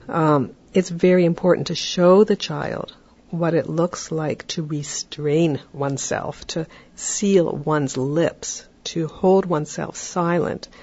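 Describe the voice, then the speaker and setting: A podcast host giving parenting advice in a calm, explanatory way, often checking in with "right?". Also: medium pitch, muffled recording.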